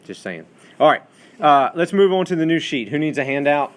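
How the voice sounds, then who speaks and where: A man's voice: a little high, expressive, fairly quick. A man teaching a Bible study class in a classroom, lecturing in a conversational way and asking the students questions, with many fillers.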